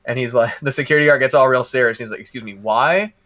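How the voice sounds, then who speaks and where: Bright-voiced man telling a story. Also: medium pitch, racing. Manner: animated, laughs through his own anecdotes. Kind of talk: casual storytelling.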